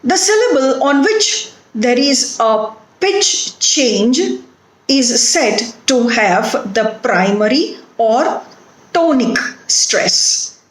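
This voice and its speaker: Indian english lady teaching phonetics, slow and careful, repeats words, kinda echoey. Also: fairly high pitch, lively intonation. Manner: slow, deliberate, repeats words to model stress. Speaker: lecturer. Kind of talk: recorded phonetics lecture.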